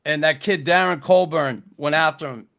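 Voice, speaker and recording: A man, a podcast guest telling stories in a gruff, blunt way, swearing constantly. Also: a little high, moderate pace, a bit bright. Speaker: podcast guest, former hockey enforcer. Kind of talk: casual storytelling chat.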